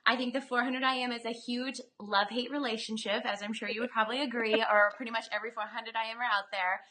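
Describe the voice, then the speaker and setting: Bright, upbeat woman in her 30s, lively storyteller guest on a video call. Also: a little high, fast. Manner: animated, chatty, lots of fillers. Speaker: guest, former Olympic swimmer. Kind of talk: casual interview storytelling.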